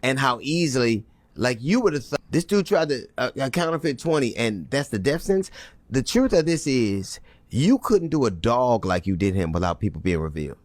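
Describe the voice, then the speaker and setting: A man's voice: medium pitch, sing-song, normal speed, no echo. A man speaking bluntly and conversationally as a guest in a panel discussion. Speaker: comedian guest.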